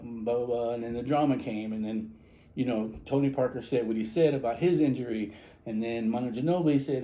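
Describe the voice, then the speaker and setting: This San Antonio, Texas barber gives a casual monologue to camera in a medium-pitched, steady, mellow voice, talking a little fast. The recording is low quality, and he frequently rambles, repeats himself, and starts sentences over.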